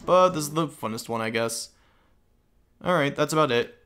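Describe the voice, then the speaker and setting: A man's voice: on the high side, normal speed, fairly bright tone, clear, resonant tone, soft background music. A man doing casual let's-play commentary over a video game, chatty, with wry asides. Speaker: gaming YouTuber.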